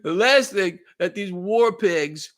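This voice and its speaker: A man's voice: high-pitched, expressive, slow, fairly bright tone. A man hosting a livestream, ranting in a heated, worked-up way, repeating himself and thanking viewers by name. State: worked up and sweating. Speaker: market commentary livestream host.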